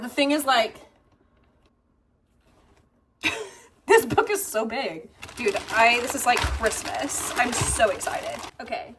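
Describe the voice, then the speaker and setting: Excitable young woman vlogging, kinda high voice, lots of likes and swearing. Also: a little hiss or hum. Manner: gushing, excitable, swears, many fillers. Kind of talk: casual chat and book unboxing.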